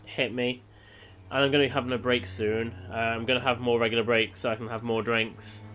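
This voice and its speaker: A man's voice: medium pitch, level tone, brisk, fairly bright tone, soft background music. A sleepy man giving casual, wry commentary while streaming a game. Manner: drowsy, wry, chatty. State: sleepy, tired. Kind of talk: casual let's-play commentary.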